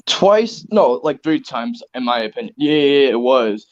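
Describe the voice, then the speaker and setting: A man co-hosting a casual online fan discussion, animated and eager to add trivia. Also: mid-range voice, moderate pace, lo-fi sound. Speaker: co-host.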